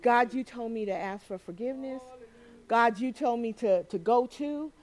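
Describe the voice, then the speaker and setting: A woman preaching a sermon, animated and laughing as she acts out quoted voices. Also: fairly high pitch, moderate pace.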